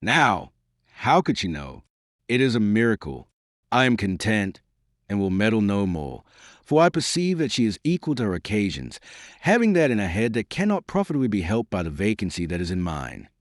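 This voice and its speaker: A man's voice: fairly low pitch, very animated, moderate pace, no room sound, clean studio sound. A man voicing an agitated, loyal medieval knight in an audiobook, speaking with indignant, awed exclamations.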